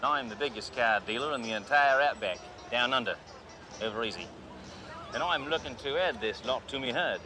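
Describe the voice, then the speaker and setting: An actor playing a cop who poses as a boastful, brash rich Australian car dealer, with a hammy put-on Australian accent and heavy slang. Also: male voice, mid-range voice, expressive, moderate pace, close to an everyday voice. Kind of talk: 1980s sitcom acting.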